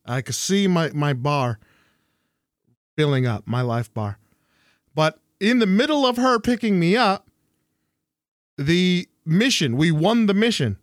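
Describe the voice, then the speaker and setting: Young guy hosting a chat, bouncy lively voice, dry close sound, gets squeaky doing other people. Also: measured pace, long pauses, no room sound. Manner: animated, jumps high when quoting people. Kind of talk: casual storytelling chat.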